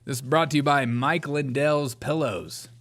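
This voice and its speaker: A man's voice: mid-range voice, moderate pace, background noise. A man from Georgia hosting a reaction show, mocking news clips and laughing often as he walks. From Georgia, USA. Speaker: host. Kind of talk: reaction commentary.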